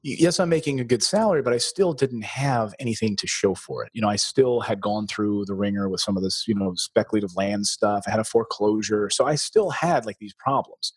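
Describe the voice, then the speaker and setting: Speaking fairly quickly with few pauses, this middle-aged Philadelphia-area man has a lowish, breathy-edged voice and a recording with no echo. A former TV news anchor turned real estate investor, he's an interview guest who animatedly tells his career story and acts out the voices he quotes.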